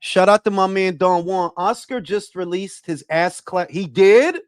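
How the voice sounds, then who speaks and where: A man who hosts a boxing talk livestream, chatting casually and profanely and giving shout-outs to his chat. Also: sits high, steady tone, moderate pace, clear, resonant tone, dry recording, clean studio sound. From Dominican heritage. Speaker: boxing talk show host.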